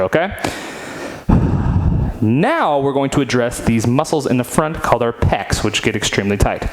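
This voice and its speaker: A man's voice: medium pitch, poor audio. A man instructing a guided seated stretching workout, upbeat and chatty, counting reps aloud in a home studio. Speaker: fitness instructor.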